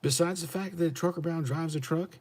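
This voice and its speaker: A man from the United States, a truck driver on a livestream, answers his chat in a blunt, profane rant, echoing the questions for emphasis. His voice is fairly high, a little mellow with a breathy edge, at a moderate pace.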